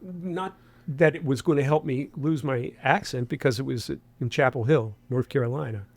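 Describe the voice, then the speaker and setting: In a dry recording, a man with a mid-range voice speaks at a moderate pace as an interview guest. He's in his sixties, from Huntington, West Virginia, has a faint Appalachian accent, and rambles conversationally, restarting phrases and using lots of fillers.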